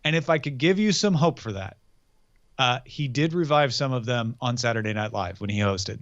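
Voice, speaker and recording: A man's voice: mid-range voice, normal speed, highs cut off. A man co-hosting a podcast in casual chat, with a dry, joking manner. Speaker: podcast co-host.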